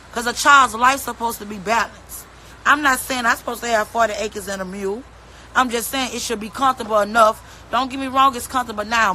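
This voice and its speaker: A woman's voice: on the high side, pushed and bright, a little hiss or hum, rough recording. A woman, ranting bluntly and profanely into her phone during a livestream. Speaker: mother speaking out on social media. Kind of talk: angry livestream rant.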